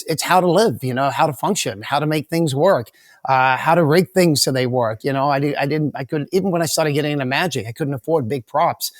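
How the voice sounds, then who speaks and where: Man telling rambling stories, higher voice. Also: no room sound, studio quality. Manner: rambling, restarts and repeats words. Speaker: guest mentalist. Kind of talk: storytelling interview answers.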